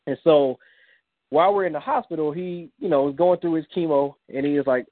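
A young man on a phone line to a radio show tells his own story with deep earnestness. His somewhat high voice climbs as he acts out the words of the people in it. The sound is dry and tinny, like a telephone call. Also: a little fast, no room sound. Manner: earnest, acts out quoted dialogue with rising pitch. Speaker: guest, comic book creator. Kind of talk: emotional personal storytelling in an interview.

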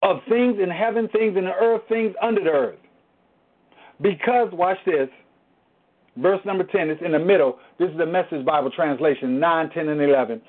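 Male Bible study teacher: high-pitched, emphatic preaching full of rhetorical questions, tinny phone-like audio. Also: normal speed.

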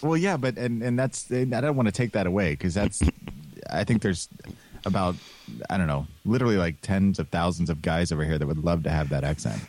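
A man's voice: deep voice, fairly quick, a little mellow. A man hosting a podcast in casual chat, rambling with many restarts and laughs. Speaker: podcast host.

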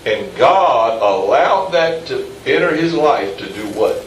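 A man's voice: mid-range voice, very animated, slow, a little hiss or hum. Preaching man in a roomy, distant church. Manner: conversational, rising to emphatic peaks, quizzing the congregation. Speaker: pastor. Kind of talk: sermon. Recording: echoey room, from far off, faint ambience.

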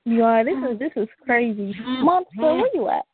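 A woman's voice: on the high side, lively intonation, normal speed, slightly rough. A woman hosting a casual call-in show with playful, teasing banter. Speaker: radio show host. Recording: phone line.

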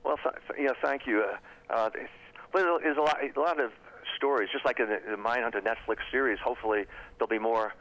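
A man who is a former FBI profiler, speaking as an interview guest in a halting way and often repeating his words. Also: medium pitch, fairly bright tone, muffled recording. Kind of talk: casual interview talk.

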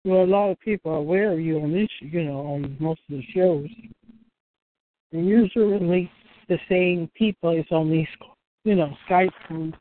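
A man's voice: on the high side, normal speed, phone-quality sound, a little hiss or hum. A man hosting a casual online community call in a laid-back way, often adding "you know". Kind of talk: casual group chat.

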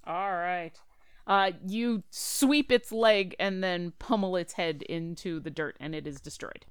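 Woman dm narrating a tabletop game, upbeat, smooth voice, dry close mic. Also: fairly low pitch, no room sound. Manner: brisk, upbeat rules-and-story narration. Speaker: dungeon master.

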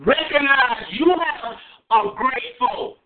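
A man preaching a sermon, swinging between high exclamations and low asides and repeating phrases for emphasis. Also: takes it slowly. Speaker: pastor. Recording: tinny phone-line sound.

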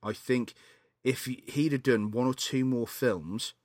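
A man co-hosting a podcast, chatting casually about films, laughing often and animated. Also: mid-range voice, unhurried, no room sound, studio quality. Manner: animated, laughs often, acts out film scenes. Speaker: podcast co-host. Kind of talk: casual film chat.

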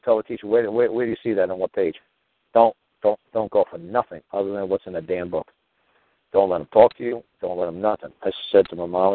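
A man's voice: low-pitched, dry recording, narrow, tinny audio. A man hosting a podcast, telling a long story in a rambling, profane, heated way and acting out the people he quotes. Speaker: podcast host. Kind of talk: casual monologue.

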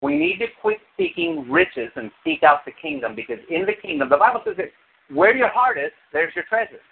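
Animated gravelly male preacher, tinny sound. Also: fairly quick. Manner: animated preaching with sudden high exclamations. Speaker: pastor. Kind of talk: sermon.

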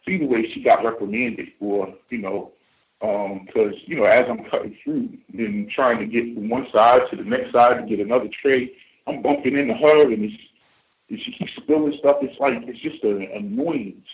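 A man's voice: mid-range voice, expressive, normal speed. A man calling in to a radio show, telling a story in a casual, rambling way, full of fillers and restarts. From United States. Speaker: caller. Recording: phone line.

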